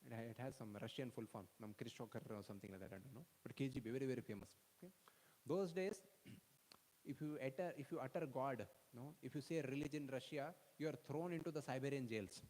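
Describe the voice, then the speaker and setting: Fast-talking preacher. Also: male voice, medium pitch, in a large hall, poor audio. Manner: keeps checking with "okay?" and "no?", animated storytelling. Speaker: speaker at a youth festival. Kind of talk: storytelling sermon.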